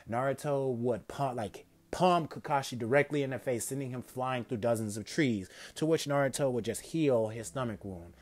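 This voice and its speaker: A man's voice: mid-range voice, normal speed, hardly any pauses. A man casually retelling a fan story, rambling and correcting himself as he goes. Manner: rambling, filler-heavy, self-correcting.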